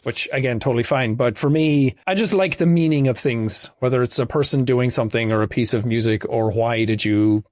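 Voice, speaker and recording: A man's voice: medium pitch, brisk, hardly any pauses, a little mellow, dry recording, clean studio sound. An Irish man in his thirties, a guest in a casual interview, talking openly and thoughtfully at length. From Ireland. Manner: reflective, talks openly and at length.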